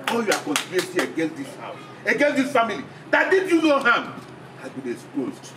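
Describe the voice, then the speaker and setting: A man's voice: high-pitched, huge pitch swings, brisk, reverberant, distant mic, a little hiss or hum, full character voice. An actor with a Nigerian accent playing an angry husband who harshly orders a girl out of the house. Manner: shouting, commanding, harsh. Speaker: aunt's husband.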